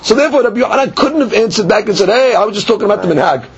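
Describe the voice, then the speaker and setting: A man teaching a lively Talmud class, acting out both sides of the argument. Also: high-pitched, racing, a crowd in the background. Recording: dull lo-fi recording.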